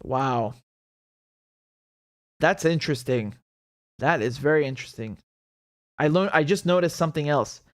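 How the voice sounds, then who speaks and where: A man's voice: a little high, animated, measured pace, long pauses, no room sound, clean studio sound. A man hosting a live political commentary show, talking in an indignant, sarcastic way and swearing freely.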